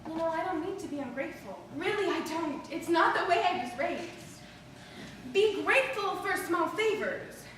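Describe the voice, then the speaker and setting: A woman's voice: very high-pitched, animated, normal speed, fairly bright tone. A woman performing a theatrical monologue as a restless, emotional woman, telling her story in a charged, confessional way. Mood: reflective. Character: restless, ungrateful woman stranded waiting, emotional. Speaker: stage actor performing a monologue. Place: theater stage. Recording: distant echoey hall recording with background noise.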